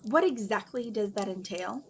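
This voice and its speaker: A haughty, demanding rich girl from a storybook who snaps at everyone, read by a woman. Her voice is mid-pitched and sharp-edged. Faint hiss sits under it. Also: expressive, moderate pace, natural voice. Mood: snappish. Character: spoiled bossy rich teenage girl. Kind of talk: reading a story aloud.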